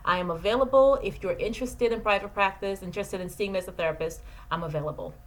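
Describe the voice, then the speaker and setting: With a medium-pitched voice and a quick pace, a Jamaican therapist in her 40s talks earnestly into her camera, giving advice and repeating central phrases for emphasis. The camera mic produces a low-quality recording.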